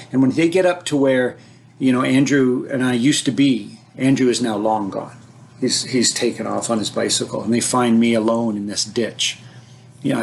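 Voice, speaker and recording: A man with a gravelly, creaky voice spins a childhood memory as if narrating a film scene. He talks with vivid, cinematic flair, stumbling over restarts and swelling with excitement. A faint hum of room ambience sits behind him. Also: medium pitch. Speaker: storyteller. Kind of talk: personal storytelling.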